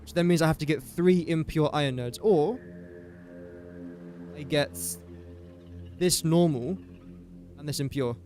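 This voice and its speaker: A man's voice: fairly high pitch, measured pace, pauses often, darkish tone, soft background music. A man talking to himself in casual gameplay commentary, rambling and easily sidetracked. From England. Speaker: gaming streamer.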